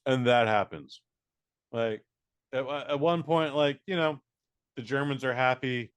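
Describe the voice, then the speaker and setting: Animated profane man reviewing a film. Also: medium pitch, normal speed, clean tone. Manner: animated, profane, acts out quotes. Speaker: podcast co-host, film reviewer. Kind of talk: casual chat.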